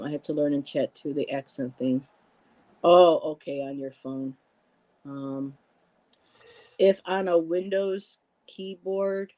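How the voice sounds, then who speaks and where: A woman with a deep, mellow voice hosts a laid-back livestream, captured on a rough recording. She says hello to viewers by name and reads their comments, frequently pausing on ums and starting over.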